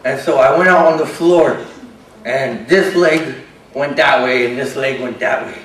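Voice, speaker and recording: An actor playing a shy, self-doubting young man with a disability, telling his story haltingly and earnestly in a stage monologue. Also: medium pitch, fairly bright tone, slight background noise, close to an everyday voice. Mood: gentle. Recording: roomy hall from a distance.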